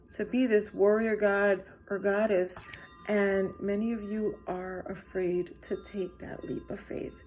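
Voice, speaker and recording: A woman giving a spiritual tarot reading, talking straight to her viewers in a halting, earnest way with lots of fillers and restarts. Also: mid-range voice, darkish tone. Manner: earnest and encouraging, addressing viewers directly. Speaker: tarot reader.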